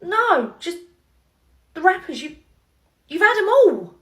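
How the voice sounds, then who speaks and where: A woman's voice: extremely high pitch, very animated, slow, fairly bright tone, full character voice. A woman playing a mischievous, giggly nursery worker, conspiratorial and laughing. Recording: roomy echo, faint noise.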